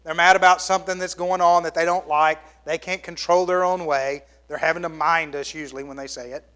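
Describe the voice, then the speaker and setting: A middle-aged man preaching a sermon as pastor, swinging from loud exclamations down to hushed, near-whispered lines. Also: a little high, steady tone, a little fast, smooth.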